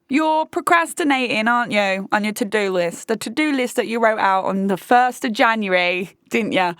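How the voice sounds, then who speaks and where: A woman's voice: on the high side, expressive, normal speed, fairly bright tone, no room sound, clean studio sound. A woman hosting a casual monologue podcast, blunt and sweary, talking straight to her listeners. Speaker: podcast host.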